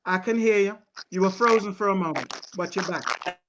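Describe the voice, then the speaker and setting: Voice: mid-range voice, moderate pace. Patient interviewer on a noisy call. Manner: patient, repeats questions. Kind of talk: remote interview questions. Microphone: video call.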